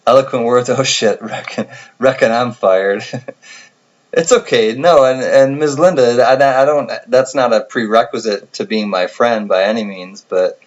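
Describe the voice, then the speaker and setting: A man's voice: mid-range voice, steady tone, unhurried. A man hosting a casual livestream chat, rambling and correcting himself as he goes, often laughing. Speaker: livestream host. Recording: dull lo-fi stream audio.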